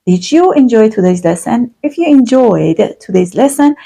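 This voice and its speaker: A woman teaching an online English grammar lesson, speaking slowly and deliberately and repeating each example. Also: a little high, animated, vocal fry, mellow, slightly rough.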